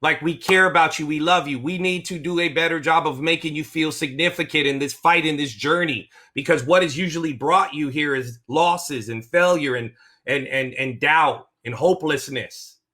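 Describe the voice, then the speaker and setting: A man's voice: fairly high pitch, normal speed, sharp tone. A middle-aged man, a coach for veterans' claims, talking in a rambling, emotional way and cutting himself off mid-sentence. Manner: emotional, rambling, self-interrupting. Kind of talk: motivational vlog talk.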